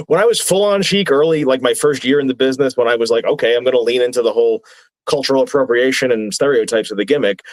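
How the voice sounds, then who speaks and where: Rambling wrestler telling stories. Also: male voice, medium pitch, dry recording. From New Jersey. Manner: rambling, chuckling anecdotes. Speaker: wrestler guest. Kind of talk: casual podcast storytelling.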